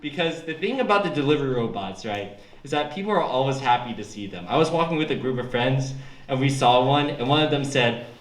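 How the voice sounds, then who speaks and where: A man's voice: mid-range voice, lively intonation, brisk. A young man performing stand-up at a college open mic, with a loose, rambling delivery that breaks into shrieking character voices. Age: young adult. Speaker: stand-up comic. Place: college club stage. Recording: echoey room with loud audience.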